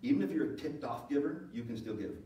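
A male pastor preaching a sermon, moving between loud emphatic lines and low, quiet asides. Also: very animated, fast, dull audio, a little hiss or hum. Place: church sanctuary. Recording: very echoey hall, voice from far off.

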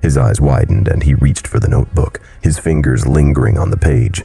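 A man reads a scary story aloud in a very low, gravelly voice. His tone is dark and mellow, husky and breathy, with faint music behind him. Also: fairly quick. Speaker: horror story narrator. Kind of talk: scripted horror narration.

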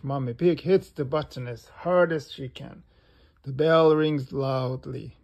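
A man reading a children's picture book aloud in an animated way. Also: mid-range voice, creaky. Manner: slow and animated. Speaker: storybook reader.

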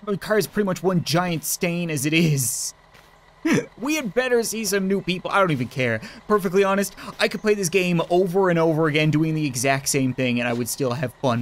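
A gaming YouTuber, a man, doing let's play commentary in a joking, excitable way, talking back to the characters on screen. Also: high voice, fairly quick.

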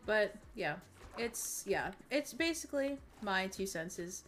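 A woman's voice: mid-range voice, sing-song, normal speed, a bit bright, soft background music. A woman streaming a game, talking in a rambling, earnest way with many fillers and restarts. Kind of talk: casual stream chat.

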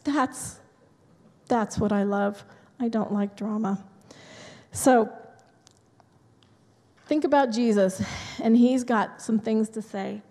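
Woman, pastor, conversational sermon, mellow tone, long hall echo. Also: on the high side, takes it slowly, long pauses. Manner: conversational, chatty asides to the congregation. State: dry mouth from allergy medicine. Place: church sanctuary. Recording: long hall reverb in a church.

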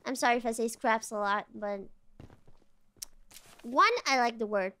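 A woman streaming a game, with excitable, playful commentary, humming and repeating words in sing-song. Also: fairly high pitch, a little slow. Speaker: VTuber streamer. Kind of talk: casual gameplay commentary.

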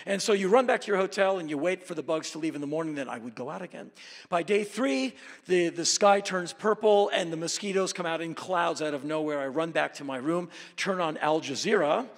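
In a gravelly voice a little high for a man, someone tells travel tales in an animated, emphatic monologue at a slightly fast pace, swinging from quiet asides to sudden shouts. A large hall's long reverb trails after each phrase.

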